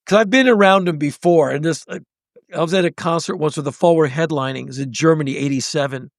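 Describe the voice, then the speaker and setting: A man in his sixties tells stories as a podcast guest, sounding lively and acting out each person he mentions. His voice sits high for a man and is gravelly, and it is recorded close and dry. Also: fast, no echo. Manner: animated storyteller who acts out the people in his stories. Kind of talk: storytelling in conversation.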